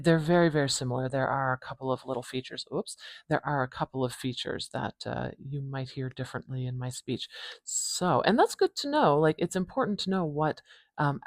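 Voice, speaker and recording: A Canadian woman with an Atlantic Canadian accent, hosting a casual phonetics tutorial and repeating sounds slowly for the viewer. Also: rumbling low, no echo, clean studio sound. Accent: Atlantic Canadian English. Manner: chatty, demonstrates sounds slowly and repeats them. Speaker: phonetics teacher, channel host. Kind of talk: casual tutorial, writing while talking.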